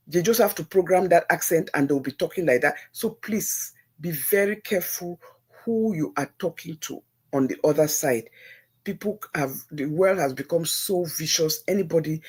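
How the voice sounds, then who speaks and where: Husky-voiced Nigerian woman pleading earnestly. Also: lowish voice, darkish tone. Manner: earnest, pleading, repeats phrases for emphasis; preachy, religious. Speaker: livestream host. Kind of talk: casual advice talk to live viewers.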